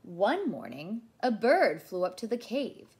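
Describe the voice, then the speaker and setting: Preschool teacher, woman, unhurried, expressive read-aloud with lively pitch. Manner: animated, expressive storytelling. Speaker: childcare teacher. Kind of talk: reading a picture book aloud to children.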